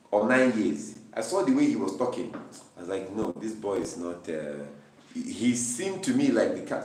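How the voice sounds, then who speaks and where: A man's voice: fairly low pitch, dark tone. A man leading a Bible study, reading verses aloud and explaining them with repeated, emphatic phrases. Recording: roomy, distant mic.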